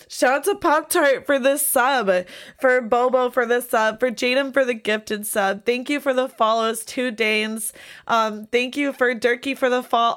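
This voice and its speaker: A woman's voice: sits high, fairly bright tone. Tearful gushing woman hosting a live stream. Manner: gushing, overwhelmed, laughing between words. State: tearful, crying. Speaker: podcast host. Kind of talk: live-streamed podcast chat.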